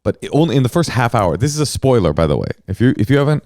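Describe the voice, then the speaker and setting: A man's voice: mid-range voice, rapid-fire, no echo, clean studio sound. A middle-aged man co-hosting a comedy podcast, telling stories animatedly and acting out the people he quotes. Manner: animated storyteller, acts out quotes. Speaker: podcast co-host. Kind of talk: casual comedic chat.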